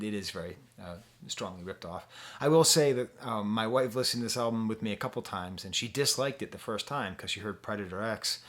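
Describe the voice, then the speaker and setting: A man's voice: fairly low pitch, a bit bright. A man giving a casual album review to camera at home, chatty and thinking aloud with fillers and restarts. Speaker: music reviewer.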